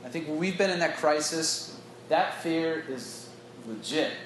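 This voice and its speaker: A man's voice: a little high, animated, measured pace, a bit bright, slight background noise. Earnest man teaching in an echoey room. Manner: earnest, reflective, conversational with fillers. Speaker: church staff teacher. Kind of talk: bible teaching talk. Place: church staff meeting room. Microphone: phone recording.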